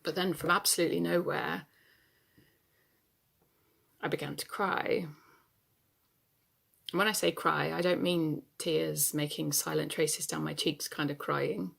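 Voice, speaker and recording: A woman's voice: low voice, fairly even intonation, measured pace, vocal fry, pauses often, fairly bright tone, breathy edge, full character voice. A woman performing a stage monologue as an adult daughter anxious about her aging parents, telling her story in a wry, confessional way. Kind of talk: theatre monologue.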